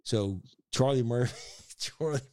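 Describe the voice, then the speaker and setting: A man's voice: mid-range voice, unhurried, darkish tone, dry recording. A man co-hosting a casual podcast, telling stories and chuckling as he talks. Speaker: podcast co-host. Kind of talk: casual chat.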